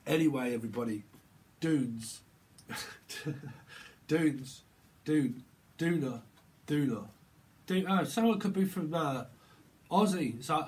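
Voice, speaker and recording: A man's voice: on the high side, lively intonation, takes it slowly, pauses often, darkish tone. A man giving a rambling tarot reading to camera, playing with words and breaking into chuckles and silly voices. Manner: playful, free-associating wordplay. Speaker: tarot reader.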